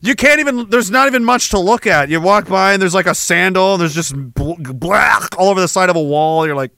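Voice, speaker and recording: A middle-aged man hosting a podcast, ranting with heavy profanity and jumping between war stories and shouted quotes. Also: high-pitched, fairly quick, vocal fry. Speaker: podcast host. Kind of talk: ranting monologue.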